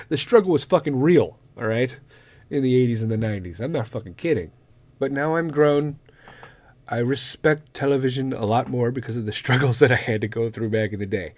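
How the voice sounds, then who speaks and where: A middle-aged man hosting a podcast, delivering a profane comedic rant that is full of swearing and bursts into shouted impressions. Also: medium pitch, no room sound. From Illinois. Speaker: podcast host.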